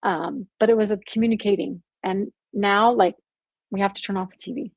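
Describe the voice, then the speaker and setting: A woman guest on a podcast speaks in an earnest, candid and conversational way. Her voice is slightly husky and breathy. She sounds close and dry, with no room echo. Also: medium pitch, fairly even intonation, a little fast. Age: adult, married with children. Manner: earnest, candid, heavy use of "like". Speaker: guest, abuse survivor and author.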